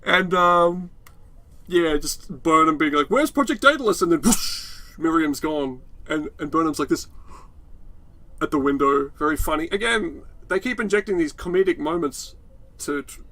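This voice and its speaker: A man's voice: a little high, fairly even intonation, moderate pace, bright, forceful tone. A man with an Australian accent co-hosting a podcast, chatting casually and sarcastically about a TV episode. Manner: sarcastic, mocks scenes in put-on voices. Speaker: podcast co-host. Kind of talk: casual review chat.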